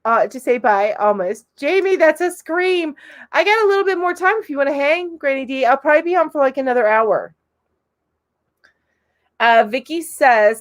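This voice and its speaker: Upbeat woman hosting a live chat. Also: fairly high pitch. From Florida, USA. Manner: chatty and upbeat, laughs often. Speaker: live-stream host. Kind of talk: casual live chat reading viewer comments aloud.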